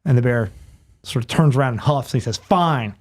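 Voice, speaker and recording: A man, a podcast guest, telling a long joke in a playful, animated way. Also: medium pitch, quick pace.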